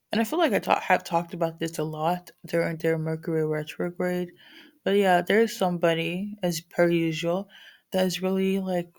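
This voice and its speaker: Gravelly low-voiced woman giving a reading. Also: darkish tone. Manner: rambling, many fillers and restarts. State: morning voice. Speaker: spiritual reader. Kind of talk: casual channeled reading.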